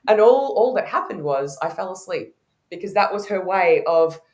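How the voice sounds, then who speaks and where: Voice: mid-range voice, animated, normal speed, reverberant. A podcast guest who teaches intuition, telling candid stories with frequent laughter in a conversational way.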